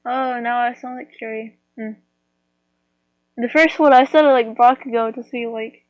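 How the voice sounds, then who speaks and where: A woman's voice: fairly high pitch, steady tone, moderate pace, no room sound, poor audio. A woman chatting casually to her viewers, rambling with lots of fillers and restarts. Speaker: vlogger.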